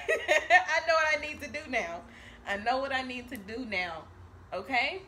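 Bright, chatty woman tarot reader. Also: a little high, lively intonation, normal speed, a little hiss or hum. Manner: chatty, profane, laughing, tags lines with "okay?". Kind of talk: casual tarot reading to camera. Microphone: camera mic.

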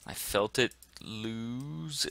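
A man commenting excitedly on his gameplay as a gaming channel host, dropping to whispers and bursting into shouts. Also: mid-range voice, drawn-out words, creaky, dry recording. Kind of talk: let's play commentary.

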